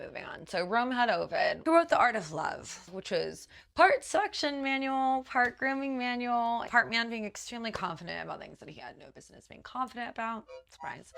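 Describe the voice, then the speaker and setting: A woman's voice: a little high, expressive, moderate pace, vocal fry, hardly any pauses, a bit bright, a little hiss or hum. A woman hosting a comedic monologue, riffing playfully with jokey asides that sometimes drop to a whisper. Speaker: host.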